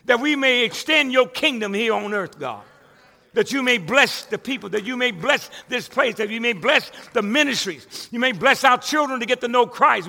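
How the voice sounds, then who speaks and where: A man's voice: very high-pitched, gravelly, pushed and bright, long reverb tail. A male pastor preaching a sermon to his church, emphatic and conversational, often stumbling and restarting words. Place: church sanctuary with a congregation.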